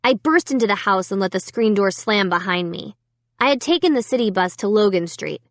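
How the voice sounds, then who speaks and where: A woman reading a storybook aloud in an expressive first-person narration. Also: mid-range voice, brisk, dry recording. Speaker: audiobook reader.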